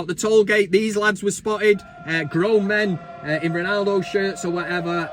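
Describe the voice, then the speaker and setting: A man's voice: high-pitched, fairly bright tone. A man in his thirties hosting a football vlog, giving blunt, sweary and mocking commentary in a casual chat.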